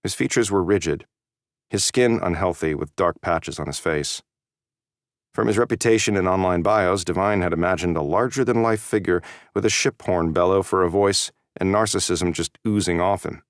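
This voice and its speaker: A man giving a steady, measured scripted narration of an audiobook. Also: sits low, no room sound, studio quality.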